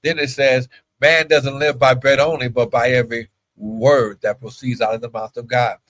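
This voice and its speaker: A male pastor preaching a morning livestream sermon, breaking into loud exclamations and speaking in tongues. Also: medium pitch, flat delivery, moderate pace, low-quality recording.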